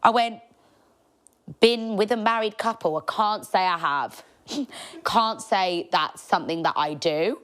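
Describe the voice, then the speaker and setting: A woman's voice: medium pitch, a little slow, pauses often, fairly bright tone, clear, resonant tone. A woman, telling cheeky stories as a podcast host, chatty and laughing often. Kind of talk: casual storytelling monologue.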